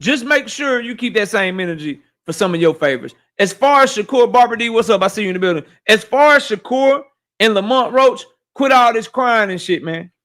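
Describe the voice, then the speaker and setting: A man with a high, bright, forceful voice hosting a boxing livestream. He rants fast and profanely, answering his chat in a loose, heated commentary style. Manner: animated, profane, rapid rants reading chat.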